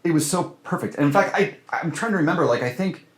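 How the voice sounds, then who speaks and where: A man's voice: a little high, animated, fast talker. A man who is a film director, chatting casually in an interview in a rambling, hesitant way with many fillers and restarts. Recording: roomy echo.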